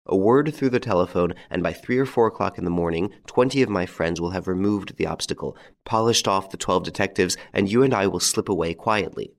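A man reading the lines of a bold, mocking gentleman thief in an audiobook, with a jaunty, theatrical, taunting manner. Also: deep voice, fairly quick, vocal fry, hardly any pauses. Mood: persuasive.

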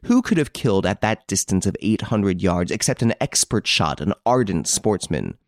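An assured gentleman detective from an audiobook, voiced by a male narrator, pressing his case firmly and insistently. The voice is lifted above the narrator's low tone and swings with lively range. The recording is close and dry. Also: moderate pace, no echo. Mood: accusing. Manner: firm, insistent, accusing.

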